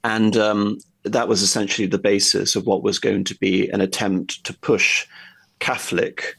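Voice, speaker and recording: Gravelly low-voiced man explaining history. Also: flat delivery, moderate pace, a bit bright. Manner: discursive, lecturing, thinks aloud while explaining. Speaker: guest discussing history.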